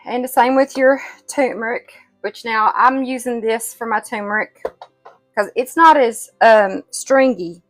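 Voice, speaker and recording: A woman's voice: fairly high pitch, unhurried, soft background music. A woman giving an unscripted, rambling home kitchen demonstration, folksy and self-interrupting. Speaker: home cooking instructor.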